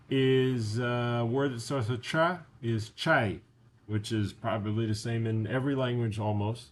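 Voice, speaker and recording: A man teaching a beginner language lesson in a casual, unhurried way, explaining step by step with frequent fillers. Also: medium pitch.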